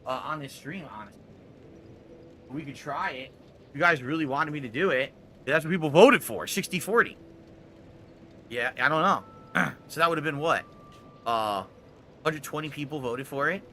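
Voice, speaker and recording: Pushed and bright, this man's voice sits on the high side, with a slight hiss or hum in the background. He's streaming live from a home room with foam soundproofing on the wall, casually chatting with viewers and thinking out loud as he works with his hands.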